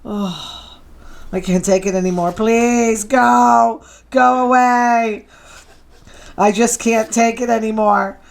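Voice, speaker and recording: A woman hosting a show in casual chat, sassy and quick to tease. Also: on the high side, steady tone, vocal fry. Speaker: show host.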